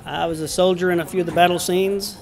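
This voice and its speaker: A man at an outdoor premiere red carpet, chatting in a relaxed way about playing a soldier extra. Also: high voice, quick pace, gravelly. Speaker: film extra. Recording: crowd chatter behind.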